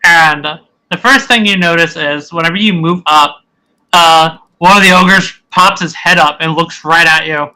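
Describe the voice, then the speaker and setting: A man's voice: on the high side, moderate pace, sharp tone, smooth, rough recording. A man narrating a tabletop game as game master, rambling and searching for words as he describes scenes.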